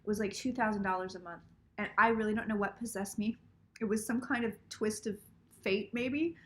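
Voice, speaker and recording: A woman hosting a live tarot stream, chatting casually. She is an animated, swearing storyteller who laughs often and acts out other people's lines. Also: medium pitch, fairly quick.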